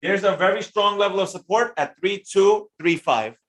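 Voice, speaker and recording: A man teaching trading on a live stream, answering chat comments in an energetic, slangy way and greeting viewers by name. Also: high voice, moderate pace.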